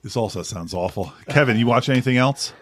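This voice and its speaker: A man's voice: medium pitch, animated, brisk, fairly bright tone. A man co-hosting a podcast, chatting casually about TV and joking over the others. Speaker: podcast co-host. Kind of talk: casual chat.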